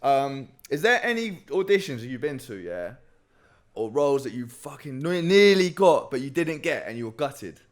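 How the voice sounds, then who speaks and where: A man's voice: medium pitch, big pitch swings, moderate pace. A man hosting a casual podcast chat, laid-back, swearing and laughing a lot. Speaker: podcast host.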